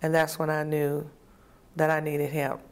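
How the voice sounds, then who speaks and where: In an interview, a woman gives personal testimony in a deep, monotone, unhurried voice. Telling her story vividly, she performs the voices of the people she quotes.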